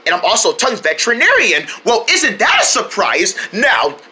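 A woman voicing a calm, gentle female doctor and vet who talks slowly and soothingly in a toy story. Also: a little high, pitched below the performer's own voice, heavily acted. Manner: slow, soothing.

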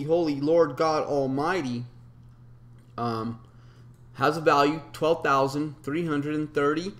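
A man with a somewhat raised voice works through his explanation step by step. He reads out strings of figures and quoted verses in an unhurried way, pausing often on ums and uhs. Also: on the high side. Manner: methodical, recites numbers and scripture with filler ums. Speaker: video presenter. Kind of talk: explanatory monologue.

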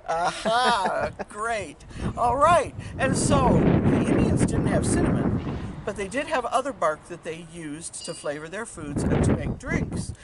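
Woman storyteller with loud background noise. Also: mid-range voice, a little slow. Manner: lively, questions the listeners. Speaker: storyteller and educator. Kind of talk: storytelling to children.

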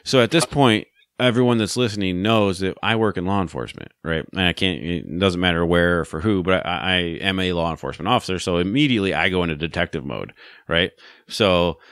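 Low-voiced rambling man telling a story. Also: brisk, a bit bright, dry recording, clean studio sound. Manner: rambling, many fillers and restarts. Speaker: podcast host. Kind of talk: casual storytelling chat.

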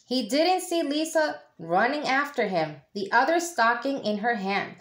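A woman, a teacher, reading a children's picture book aloud in an expressive way. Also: high-pitched. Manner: slow, expressive storytelling. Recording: echoey room.

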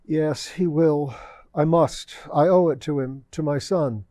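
Male narrator doing a weary, grieving old bishop, halting and sorrowful, warm low-key tone. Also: no echo, close to an everyday voice.

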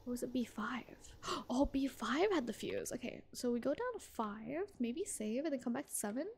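Young female streamer, high-pitched, giggly and chatty, casual stream talk. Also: expressive, moderate pace, creaky, husky. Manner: bubbly, giggly, greets chat by name. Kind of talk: casual game-stream chat. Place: small room with thin walls, indoors.

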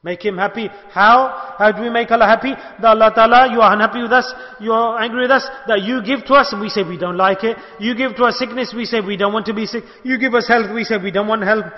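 A man giving an impassioned sermon as a sheikh, asking rhetorical questions and moving between soft and loud passages. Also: high voice, fairly even intonation, fast talker, few pauses. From United Kingdom. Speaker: sheikh giving a religious talk. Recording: long hall reverb, dull lo-fi sound.

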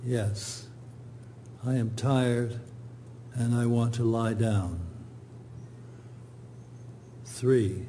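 A man giving a poetry reading, reciting in a slow, measured, even way. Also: mid-range voice, a little hiss or hum. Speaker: poet.

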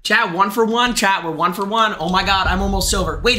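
A young man streaming a game live, talking to his chat in an excitable, shouty way. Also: sits high, brisk, few pauses, slight background noise. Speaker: gaming streamer.

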